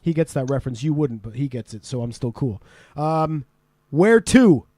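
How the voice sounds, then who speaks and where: A man's voice: mid-range voice, brisk, warm tone, dry recording. A man from Canada hosting a casual podcast, laughing often and swearing freely as he quizzes his guest. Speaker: podcast host. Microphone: remote call.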